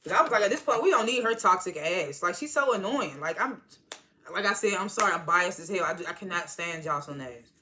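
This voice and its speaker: A woman with a bright, forward voice talks through a reality episode in loose, slangy chat. She jumps into louder, excited retellings and laughs often between points. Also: fairly low pitch, fairly quick. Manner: animated, slangy, swings into loud excited retellings; frequent laughs and filler words. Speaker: TV show reviewer. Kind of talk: casual recap and commentary.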